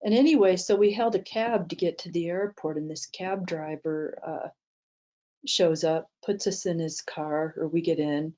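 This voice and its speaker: A woman's voice: on the low side, normal speed, mellow, dull audio. A woman teaching a mindset talk, telling an anecdote with many fillers and restarts. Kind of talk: storytelling talk to an audience.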